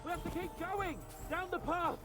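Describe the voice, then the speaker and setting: A man voicing a hot-headed, foul-mouthed young nobleman in a video game, shouting orders in battle. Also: very high-pitched, steady tone, moderate pace, over loud music. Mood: urgent shouting. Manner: shouting, swearing. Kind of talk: video game cutscene and combat acting.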